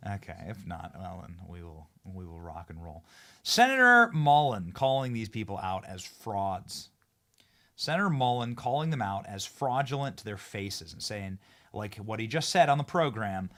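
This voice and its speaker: A man hosting a political commentary show, animated and mocking, swinging between shouting and muttering. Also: mid-range voice, moderate pace. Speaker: show host.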